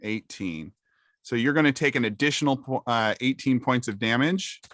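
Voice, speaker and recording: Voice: medium pitch, normal speed, a bit bright, dry recording. A game master running a tabletop game, counting damage aloud with hesitant fillers.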